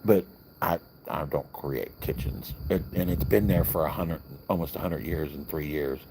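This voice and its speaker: His voice is very deep and he speaks at a normal speed, against a noisy background. A vlogger on a livestream, he spins a long, loose, chatty story and performs the lines of the people involved. He's at a hotel with crickets outside.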